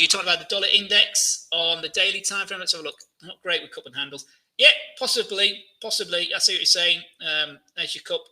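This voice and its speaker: A man's voice: on the high side, bright, forceful tone, rough recording. A man hosting a live trading Q&A, talking through charts in a chatty way, full of fillers and questions to his viewers. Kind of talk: live-stream market commentary.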